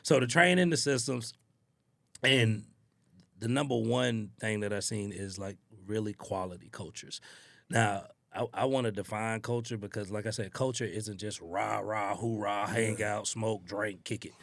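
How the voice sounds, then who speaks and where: A man on a podcast, a sales trainer talking in a casual, animated way and acting out quotes. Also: on the low side, a little slow, vocal fry, no echo. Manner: animated storytelling, acts out quotes.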